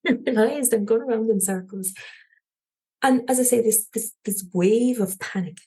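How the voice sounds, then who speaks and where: Telling a personal story as a podcast guest, this Cork Irish woman is animated, frequently breaking into light laughter and starting her sentences over. Her slightly high voice has a husky quality, and she takes her time.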